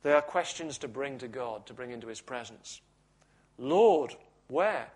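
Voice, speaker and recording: A man preaching a sermon in a measured, reflective teaching manner with touches of gentle humor. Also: mid-range voice.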